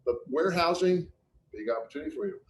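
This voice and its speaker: A man's voice: on the high side, animated, quick pace, slight background noise, poor audio. A man giving a casual business webinar, talking conversationally with anecdotes and frequent restarts over a computer mic. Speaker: webinar presenter.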